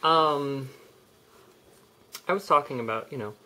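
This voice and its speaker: A young man speaking candidly to his camera about his own life. He rambles, restarts his sentences and keeps the tone personal and unscripted. His voice sits in an ordinary middle pitch. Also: a little slow. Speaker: vlogger. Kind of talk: personal confessional vlog.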